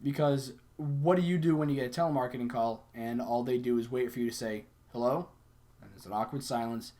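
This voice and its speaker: A man's voice: medium pitch, steady tone, fast, warm tone. Young adult man, conversational sales coach, acts out sample lines mid-explanation. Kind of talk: casual instructional talk.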